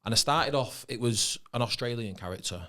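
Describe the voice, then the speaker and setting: A man with a Manchester accent, an actor guest in casual podcast chat, relaxed and swearing now and then, often trailing off mid-sentence. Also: medium pitch, a little fast. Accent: Mancunian.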